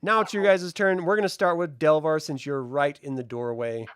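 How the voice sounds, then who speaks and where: A man's voice: on the high side, fairly even intonation, normal speed, a bit bright, clean tone, no echo, studio quality. A man narrating a tabletop game as game master, casual and chatty.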